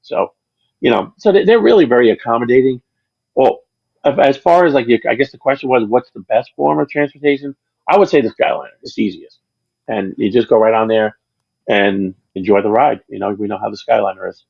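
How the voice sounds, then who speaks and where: A man with a gravelly, husky voice talks in a chatty, rambling way, often stopping and starting over as he tells his stories. The sound is dry and a little dull and lo-fi, with no room around it. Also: medium pitch, brisk, a little mellow, dry recording. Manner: rambling, chatty storyteller with frequent restarts. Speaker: channel creator, interview guest. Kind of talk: casual chat on a livestream.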